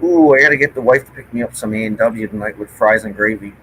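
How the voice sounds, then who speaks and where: A man's voice: on the low side, fast, sharp tone, slight background noise, low-quality recording. A middle-aged man with a Newfoundland accent, chatting casually and swearing freely. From Newfoundland, Canada. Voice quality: gravelly, swears a lot. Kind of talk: casual chat.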